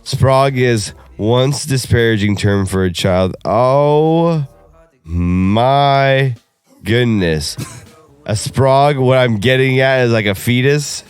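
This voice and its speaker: Profane laughing young podcast host. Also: male voice, medium pitch, unhurried, few pauses, clear, resonant tone, no room sound, faint music behind. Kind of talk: crude casual podcast banter.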